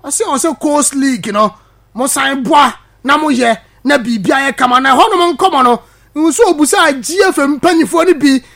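A man with a Ghanaian accent presenting sports news, lively, switching between his local language and English. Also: very high-pitched, creaky. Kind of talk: news commentary.

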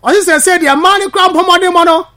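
A man with a Ghanaian accent presenting sports news, lively, switching between his local language and English. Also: very high-pitched, brisk. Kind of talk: news commentary.

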